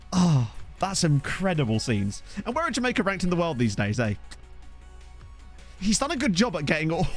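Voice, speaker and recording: A man casually commentating a football management game on stream, chatting with viewers and laughing often. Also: on the high side. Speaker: gaming streamer. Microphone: USB desk microphone.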